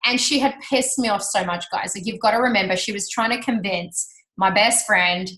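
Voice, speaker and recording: A woman telling a personal story to an audience, chatty and animated, laughing often and acting out what people said. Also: medium pitch, moderate pace. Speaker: speaker sharing her business success story. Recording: roomy hall reverb.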